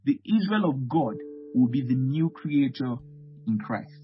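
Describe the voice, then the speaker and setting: In a muffled lo-fi recording with guitar music, a pastor with a mid-range voice and lively intonation preaches an unhurried Bible teaching sermon. He is emphatic, repeats key phrases, and frequently calls out amen.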